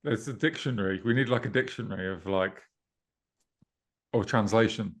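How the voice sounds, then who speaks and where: A man's voice: on the low side, moderate pace. A man co-hosting a casual podcast, chatting and teasing his co-host in a dry way.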